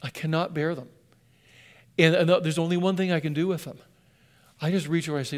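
A man preaching a sermon, telling the story with passion and swinging from loud emphasis to hushed lines. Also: fairly high pitch, fairly even intonation, a little fast.

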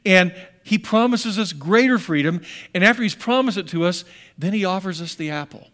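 A man with a high, light voice preaching a sermon. He delivers it dramatically, acting out the quotes and swinging from loud bursts to near-hushed lines. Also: animated, normal speed. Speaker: pastor.

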